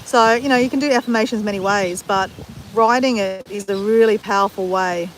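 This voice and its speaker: A woman's voice: medium pitch, brisk, a little hiss or hum. Chatty Australian woman live-streaming outdoors. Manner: chatty, rambling, self-deprecating. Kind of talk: casual live-stream chat with viewers.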